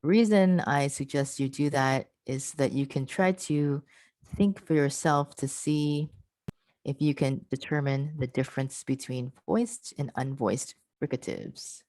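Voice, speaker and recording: A woman's voice: extremely low pitch, steady tone, unhurried, dark tone, no room sound, poor audio. A woman presenting an online pronunciation workshop over a video call, patiently modelling and repeating example words and encouraging participants.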